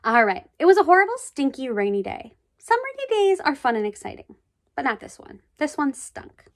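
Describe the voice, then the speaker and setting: A woman reading a children's book aloud, expressive, with chatty asides. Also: high voice, moderate pace. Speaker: storybook reader.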